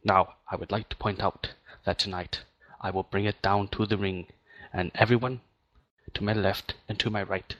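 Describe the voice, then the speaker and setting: A man's voice: fairly low pitch, level tone, normal speed, a bit bright, no room sound, dull audio. A man voicing a laid-back Caribbean male wrestler cutting a mock-pompous promo on a voice call, in a put-on Caribbean accent. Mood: mock-grand.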